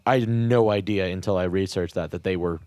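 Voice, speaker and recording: A man co-hosting a casual podcast, animated and joking, swearing freely as he chats. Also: sits low, fairly quick, dry recording, clean studio sound. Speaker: podcast co-host. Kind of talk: casual chat.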